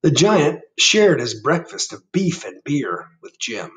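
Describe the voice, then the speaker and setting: A male first grade teacher reading a storybook to his class over video, gentle and chatty, his pitch swinging widely as he asks the kids questions. He sits a little way from the mic in an indoor room. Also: big pitch swings, takes it slowly, far from the mic. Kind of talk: reading a picture book aloud to children.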